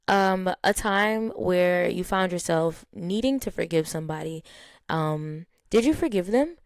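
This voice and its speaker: A woman in her thirties hosting a podcast, talking casually and encouragingly with many pauses and ums. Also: lowish voice, dry recording, clean studio sound. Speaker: podcast host.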